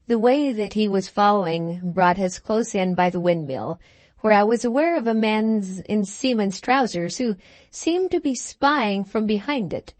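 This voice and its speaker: A woman narrating an audiobook in a slow, deliberate reading. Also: medium pitch, lively intonation, darkish tone, no room sound.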